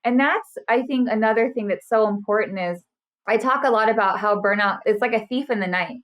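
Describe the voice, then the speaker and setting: In a casual interview chat, a podcast guest who works as a burnout specialist speaks in a mid-range voice at a slightly quick pace. The woman, in her thirties, is animated and earnest, and she acts out the quotes she shares.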